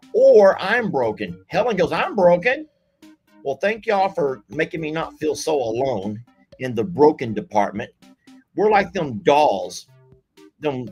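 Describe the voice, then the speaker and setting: A man's voice: mid-range voice, darkish tone, slightly rough. A man hosting a live game night stream, chatting in a folksy way and reading viewer comments aloud. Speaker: livestream game host.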